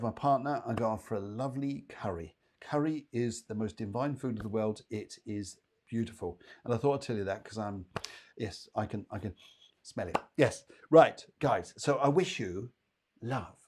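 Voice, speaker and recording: A man hosting a live psychic show, giving readings in a chatty, rambling way with playful asides. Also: mid-range voice.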